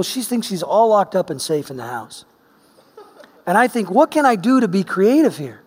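A man's voice: high-pitched, long reverb tail. A middle-aged man from Oregon preaching a sermon, telling a personal story and acting out the voices in it. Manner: animated storyteller, acts out voices. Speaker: pastor.

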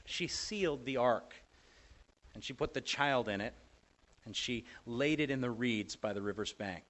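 A man preaching a sermon and teaching from the Bible in a conversational way. He swings between loud emphasis and soft asides, and he asks the listeners questions. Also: medium pitch.

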